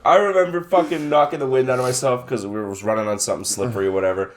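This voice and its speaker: A man co-hosting a podcast in casual chat, an animated storyteller who acts out quotes with loud outbursts. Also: medium pitch, very fast. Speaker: podcast co-host.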